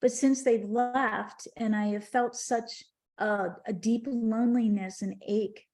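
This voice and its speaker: A woman's voice: a little high, steady tone, slow pace, a little mellow. A middle-aged woman, a podcast guest, telling a heartfelt spiritual story in conversation.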